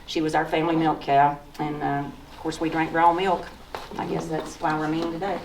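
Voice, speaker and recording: Low-voiced Southern woman in her sixties. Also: level tone, moderate pace, creaky, noisy background. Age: 60s. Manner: folksy, storytelling, pointing at photos. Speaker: author giving a talk. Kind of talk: slideshow talk with personal memories. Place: museum lecture room. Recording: echoey room from far off.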